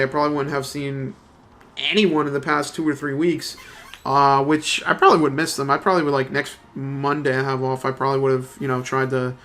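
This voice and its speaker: A man's voice: mid-range voice, sharp tone. A young man in his twenties chatting casually, telling a rambling, profane story full of slang and fillers. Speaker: let's play commentator.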